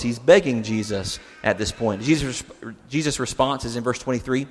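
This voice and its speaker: A man's voice: medium pitch, normal speed, few pauses. Man preaching in a reverberant hall. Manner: conversational, asks the listeners rhetorical questions. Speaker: pastor. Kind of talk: sermon.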